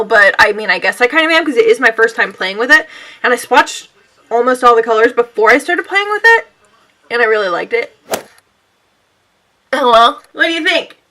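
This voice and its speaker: A young beauty vlogger chats her way through a makeup tutorial, sweaty and out of breath. Her voice is on the high side, pushed and bright, as she rambles to her viewers and mocks herself.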